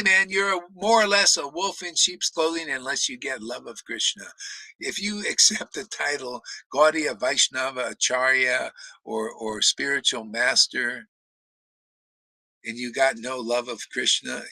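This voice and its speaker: A man's voice: mid-range voice, expressive, unhurried, vocal fry, pushed and bright, no room sound, low-quality recording. Man, ranting sermon, blunt, swears, laughs between jabs, dry close sound. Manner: blunt, combative, swears for emphasis. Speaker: spiritual teacher.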